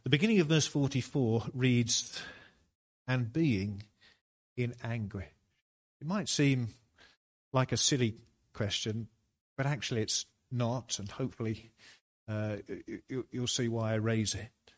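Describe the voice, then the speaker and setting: Slow, deliberate male preacher. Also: medium pitch. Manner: slow, deliberate preaching with rising emphatic peaks. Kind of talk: sermon.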